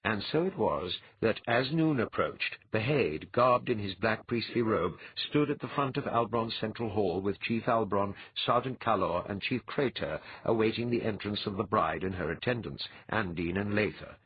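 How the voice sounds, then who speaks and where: A man narrating an audiobook in a measured storytelling manner, husky in tone. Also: lowish voice, animated, dull audio, a little hiss or hum. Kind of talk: scripted narration.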